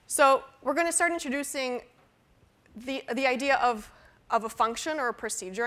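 Bright-voiced woman giving a university lecture. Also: on the high side. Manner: explanatory, with frequent fillers and restarts. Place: lecture hall.

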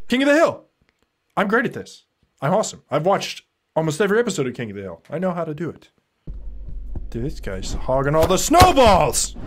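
A man commentating his own gameplay live, swearing a lot and jumping between low grumbles and excited yells. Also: moderate pace, background noise. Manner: excitable, swings from low mutters to yelling; heavy swearing, playful trash talk. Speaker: game streamer.

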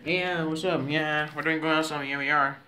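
Giggly man with a bright voice. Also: on the high side, fairly even intonation, moderate pace, a little hiss or hum. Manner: giggly, repetitive, silly made-up names. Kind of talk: playful home video chat.

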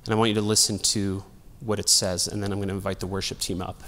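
A man's voice: on the low side, flat delivery, quick pace, a bit bright, big-room sound. A male pastor giving a sermon in a casual, humorous, storytelling way. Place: church sanctuary.

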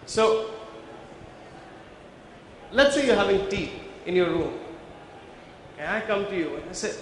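A male visual merchandising trainer with a high, animated voice lectures at a measured pace to a live audience in a big conference hall. Engaging and methodical, he explains step by step and poses questions to the crowd. The hall echoes heavily, and faint background noise sits underneath.

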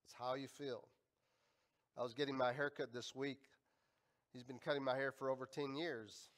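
A male pastor preaching a sermon, emphatic and swinging between loud and quiet. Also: medium pitch, steady tone, moderate pace. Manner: emphatic, rising and falling in volume.

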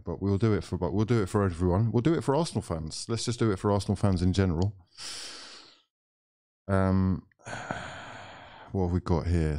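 Deep-voiced young man chatting on stream. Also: unhurried, pauses often, dry recording, clean studio sound. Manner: laughs often, chatty, relaxed banter. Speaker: football watchalong streamer. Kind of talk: casual chat reading live chat.

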